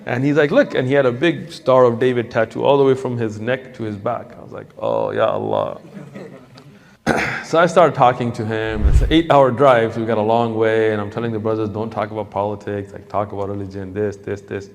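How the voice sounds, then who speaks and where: Animated preacher telling a story. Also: male voice, on the low side, a little fast, long reverb tail. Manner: animated storyteller who acts out quoted voices. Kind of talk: storytelling sermon.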